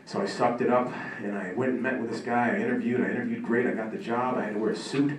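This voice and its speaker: A man's voice: mid-range voice, fast talker. A man in his thirties giving an acceptance speech at a banquet, telling self-mocking stories with laughter. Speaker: hall of fame inductee. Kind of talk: after-dinner acceptance speech. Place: country club banquet room. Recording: echoey hall from far off, ambient noise.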